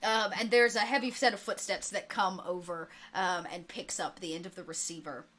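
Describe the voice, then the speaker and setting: Woman running a tabletop game, bright voice, lots of ums, laughs a lot. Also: fairly low pitch, moderate pace. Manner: relaxed, laughs often, many fillers. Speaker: game master.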